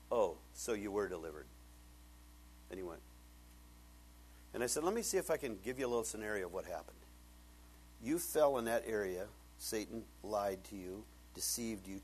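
A man preaching a sermon, retelling a conversation and then building to loud, emphatic preaching. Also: lowish voice, normal speed, pauses often, slightly rough, poor audio.

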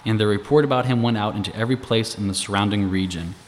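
A man with a fairly low voice walks through scripture in a relaxed, conversational way, posing rhetorical questions as he explains. His voice rings with a long hall reverb. A faint ambient hum sits underneath. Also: fast talker. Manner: casual and explanatory, asks rhetorical questions, chuckles between points. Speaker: Bible teacher. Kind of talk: conversational Bible teaching.

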